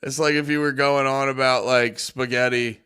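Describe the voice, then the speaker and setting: A man's voice: mid-range voice, fairly even intonation, moderate pace, pushed and bright, smooth. A man streaming casual reaction commentary in a loose, joking, profane way, often breaking into laughs.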